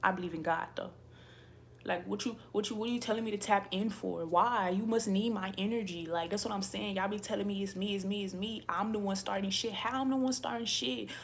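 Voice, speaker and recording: A woman's voice: medium pitch, brisk, creaky, a little hiss or hum. A woman YouTuber who reads tarot, ranting angrily to camera in a profane, repetitive way.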